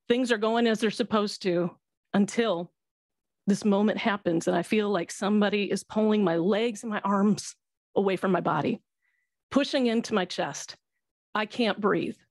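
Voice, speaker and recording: A woman's voice: medium pitch, dry recording, studio quality. A middle-aged woman, a Christian radio host, sharing a heartfelt personal testimony on a webinar. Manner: earnest, heartfelt storytelling.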